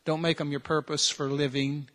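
An American man preaches a sermon, earnest and direct, pressing listeners with repeated challenges and rhetorical questions. His fairly high voice holds a level tone at normal speed, a bit bright. A long hall reverb surrounds the recording.

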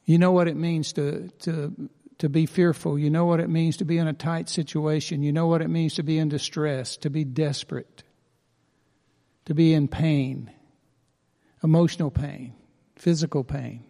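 A man's voice: fairly high pitch, level tone, moderate pace, vocal fry, mellow, big-room sound. A man preaching a sermon as pastor, earnest and emphatic, repeating key phrases for weight.

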